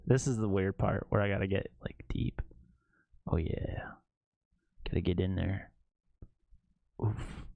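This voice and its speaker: Laid-back male streamer, jokes and laughs a lot, unhurried, close dry sound. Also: low voice, fairly even intonation, gravelly, dark tone, no room sound. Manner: jokey, laughs often. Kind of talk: casual livestream chat while photo editing.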